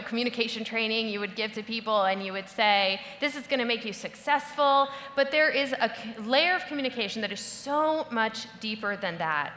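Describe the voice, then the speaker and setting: A bright, crisp woman leads a live audience through playful exercises, her voice pitched a little high. She speaks in a large hall, and the echo carries a long reverb. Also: slight background noise. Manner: playful, instructive, acts out quoted voices. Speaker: speaker giving a talk to an audience. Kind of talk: lively audience-participation talk. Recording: echoey hall with long reverb, faint ambience.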